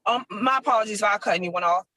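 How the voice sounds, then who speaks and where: Bright-voiced police officer on a call. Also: male voice, sits high, fast, dry recording, poor audio. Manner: polite, reassuring, with many fillers. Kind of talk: online community meeting. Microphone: video call.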